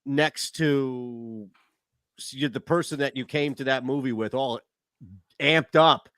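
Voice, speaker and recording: A man's voice: mid-range voice, slow, a bit bright, dry recording. A man hosting casual sports talk radio, chatty and rambling.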